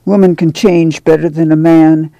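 A man voicing a weary, steady farm mother who speaks in a folksy rural dialect. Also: fairly high pitch, moderate pace, no echo, muffled recording, close to an everyday voice. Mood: soothing.

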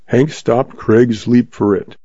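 A man narrating a western story in a steady, measured reading. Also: mid-range voice, dry recording. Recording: dull lo-fi sound.

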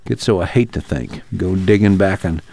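A man's voice: sits low, normal speed, creaky, dark tone. A man reading a discouraged, homesick farmer father who talks in plain rural dialect in an audiobook. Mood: despairing.

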